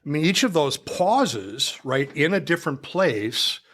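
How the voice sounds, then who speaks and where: A man's voice: a little high, big pitch swings, unhurried, a bit bright. A man hosting an interview podcast, talking in a rambling, self-deprecating way full of restarts. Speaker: podcast host. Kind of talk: conversational interview.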